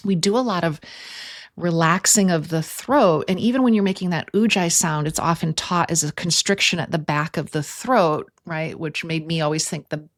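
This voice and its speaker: A woman's voice: fairly low pitch, moderate pace, no room sound, clean studio sound. A woman hosting a yoga podcast, explaining breath and throat anatomy step by step in a casual, teacherly way. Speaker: yoga therapist podcast host.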